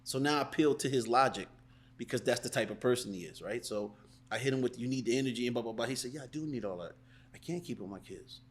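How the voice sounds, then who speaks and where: A man talking as a sales coach on a podcast, who keeps slipping into quick role-played customer and salesperson lines. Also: mid-range voice. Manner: animated, acts out sales calls in different voices. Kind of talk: casual interview chat.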